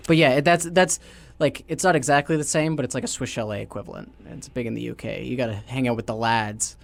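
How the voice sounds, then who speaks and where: A man's voice: mid-range voice, steady tone, fast, creaky. A man from Canada co-hosting a podcast, chatting casually and rambling through jokes with lots of fillers. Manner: rambling, joking, trails off into fillers. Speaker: podcast co-host. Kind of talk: casual chat.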